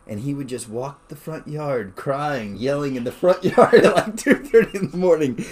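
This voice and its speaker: A young podcast co-host with a slightly high voice, speaking at normal speed, tells stories animatedly in casual chat. He swears a lot and laughs often.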